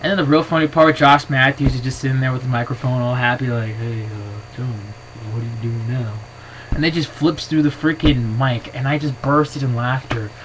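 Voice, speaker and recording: A man giving his opinions in a casual vlog to his camera. He rambles excitably and fills his talk with "you know". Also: medium pitch, brisk, few pauses, a little hiss or hum, rough recording. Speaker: wrestling vlogger. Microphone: built-in camera mic.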